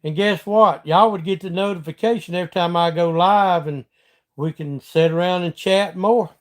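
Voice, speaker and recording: His voice sits high and moves at a normal speed as this middle-aged Southern-accented man from Georgia hosts a casual live stream. In a folksy, chatty way, he reads viewer comments aloud and answers them.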